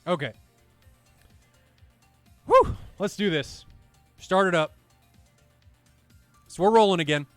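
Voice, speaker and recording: A male commentator calls an air combat match play by play, talking straight to the viewers and getting loud when the action peaks. His voice sits high for a man, and the sound is dry and close. Faint music plays behind him. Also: slow pace, pauses often, dry recording. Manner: excitable, talks to the viewers directly. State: out of breath at times. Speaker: esports commentator.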